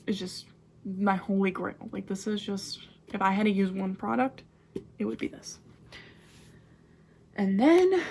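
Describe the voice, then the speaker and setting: A woman's voice: medium pitch, creaky, a little hiss or hum. A young woman casually reviewing hair products in a vlog, chatty and full of "like" and "um" fillers. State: out of breath. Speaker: beauty vlogger.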